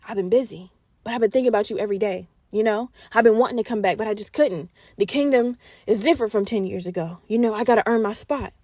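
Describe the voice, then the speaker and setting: A woman voicing a smooth-talking, scheming young man who sweet-talks his old flame in a low, hushed, coaxing voice. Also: fairly quick, dry recording, studio quality.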